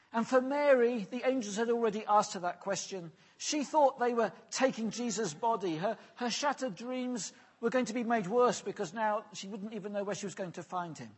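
A man preaching an earnest, pastoral sermon, often letting his phrases fall soft and low at the end. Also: husky. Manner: earnest, pastoral, drops softly at phrase ends.

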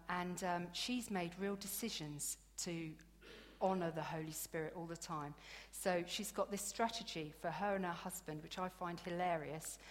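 A woman preaching a sermon in a chatty, animated storytelling way, laughing now and then. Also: lowish voice. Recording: long hall reverb.

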